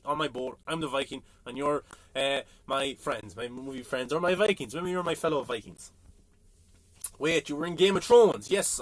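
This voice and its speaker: A man's voice: mid-range voice, fairly bright tone. An Irish man hosting a late-night livestream, chatting casually and rambling while he reads out viewer comments. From Ireland. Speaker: livestream host. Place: home at night. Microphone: phone.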